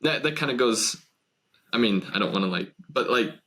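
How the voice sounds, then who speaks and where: A man's voice: medium pitch, lively intonation, normal speed, pushed and bright. A man hosting a casual interview, talking in a hesitant, hedging way with many restarts. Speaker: podcast host.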